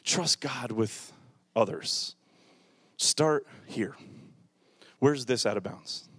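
A man's voice: medium pitch, very slow, slightly rough, no room sound, studio quality. Man preaching a fervent sermon. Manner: builds from quiet reflection to loud, fervent preaching. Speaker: pastor. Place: church sanctuary. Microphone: handheld microphone.

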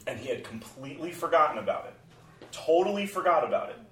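A man's voice: a little high, lively intonation, fast, fairly bright tone. A man in his forties, a pastor, talking conversationally and animatedly, acting out inner voices as he goes. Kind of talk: conversational church talk. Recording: roomy sound from a distant mic.

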